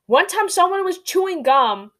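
A woman co-hosting a casual podcast, telling anecdotes in a rambling, animated way full of fillers. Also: extremely high pitch, moderate pace. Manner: rambling, animated storytelling with lots of "like". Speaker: podcast co-host.

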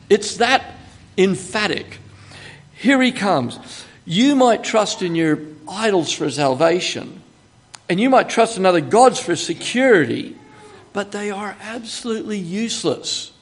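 An older man with an Australian accent, preaching a sermon in a chatty, joking way, with emphatic bursts when he quotes God. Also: high-pitched. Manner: conversational, chatty teaching with asides and humor.

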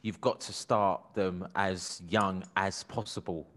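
A man's voice: low-pitched, fairly even intonation, takes it slowly, a bit bright. A man hosting a parenting panel, chatting and telling exasperated stories about his daughters. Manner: chatty, exasperated anecdotes, lots of restarts. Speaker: host. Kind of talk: casual panel chat.

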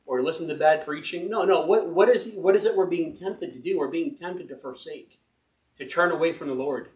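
A man's voice: a little high, a little fast, a little mellow, recorded from a distance. A man preaching an informal sermon, rambling and chatty, who breaks off to laugh at his own stories. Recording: roomy and from the mic.

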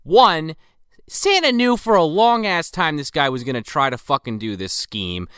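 A man co-hosting a casual movie-review chat, laying out his points in a measured way with small asides. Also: a little high, sing-song, a bit bright, clean tone, no echo, studio quality. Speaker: podcast co-host.

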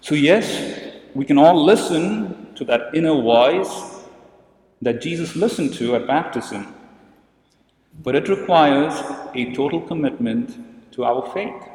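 A man's voice: a little high, animated, takes it slowly, darkish tone, reverberant, in a large hall, low-quality recording. A man preaching a sermon as a priest, telling stories and posing questions to the congregation in a church.

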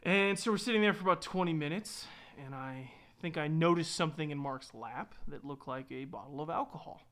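A man's voice: fairly high pitch, a little fast. A man who works as a tour guide and van driver, telling a story casually with frequent laughs and quoted dialogue. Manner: laughs often, relaxed, lots of restarts and quoted dialogue.

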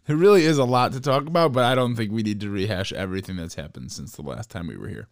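A man with a low voice spins a long, animated story on his podcast, stumbling over restarts and arguing back at his co-host. The sound is close and dry, with no room around it. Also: no room sound. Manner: animated storyteller, quick restarts and playful bickering. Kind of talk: casual chat.

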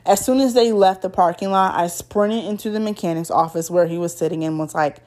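Lowish-voiced woman telling a story. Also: brisk, hardly any pauses, a little mellow. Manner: casual, slangy storytelling. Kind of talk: reading a first-person story aloud.

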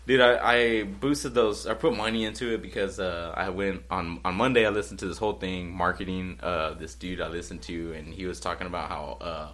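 A man's voice: low voice, fairly even intonation, fairly quick, hardly any pauses, fairly bright tone. A man co-hosting a podcast, rambling casually with lots of fillers and swearing. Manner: rambling, profane, many fillers. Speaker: podcast co-host. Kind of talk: casual chat.

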